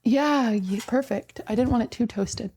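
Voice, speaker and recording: Casting note: female streamer, casual and self-mocking, voice a touch high, live chat energy. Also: unhurried, mellow, breathy edge. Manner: chatty, self-deprecating, talks to chat.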